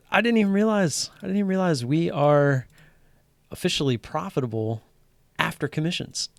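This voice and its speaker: A man hosting a live stream about day trading, chatting casually and getting excited, swearing freely and restarting his sentences. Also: on the high side, a little fast, vocal fry, dry recording. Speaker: livestream host talking day trading. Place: home streaming setup wearing headphones.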